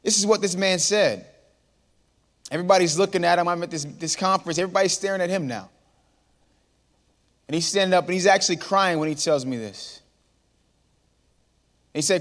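A man's voice: high voice, fairly quick, pauses often. A man in his thirties, a motivational speaker telling stories to a live audience and calling out to the crowd. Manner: lively storyteller, calls out to the crowd. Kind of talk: storytelling talk to a live audience. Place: large hall before an audience. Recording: long hall reverb.

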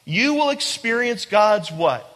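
A man's voice: high voice, very animated, slow, a bit bright. A man preaching a sermon to a congregation, emphatic and repetitive, often asking rhetorical questions and speaking directly to the listeners. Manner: emphatic, repeats phrases, asks rhetorical questions. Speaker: pastor. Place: large room with a congregation. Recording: long hall reverb.

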